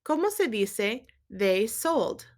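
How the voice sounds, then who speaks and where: A woman teaching a Spanish lesson, quizzing viewers and gently checking their accent marks as she switches between English and Spanish. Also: on the high side, sing-song, slow pace. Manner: asks quiz questions and gently checks accents. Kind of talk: recorded language lesson.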